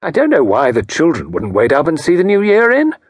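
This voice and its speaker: A man's voice: a little high, wildly swooping pitch, brisk, slightly rough, no echo, voice pushed up, heavily acted. A man putting on a placid, prattling older lady hostess. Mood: placid chatter.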